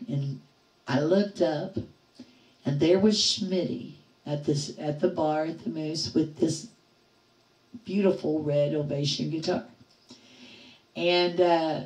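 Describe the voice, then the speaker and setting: Roomy, distant middle-aged woman storyteller. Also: low voice. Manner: animated storyteller acting out quoted voices, laughing often. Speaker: livestream host. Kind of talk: casual storytelling to live chat.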